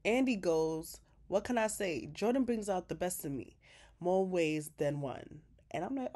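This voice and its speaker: A woman's voice: lowish voice, animated, normal speed, dark tone. A woman giving a casual, chatty recap of a TV episode, retelling scenes with quoted dialogue and sassy asides. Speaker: recap vlogger.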